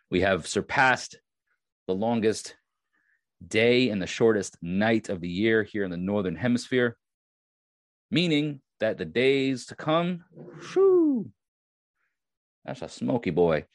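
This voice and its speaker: Low-voiced Long Island man rambling. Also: dry recording, studio quality. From Long Island, New York. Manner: rambling, many restarts and fillers. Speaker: podcast host. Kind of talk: casual solo podcast talk.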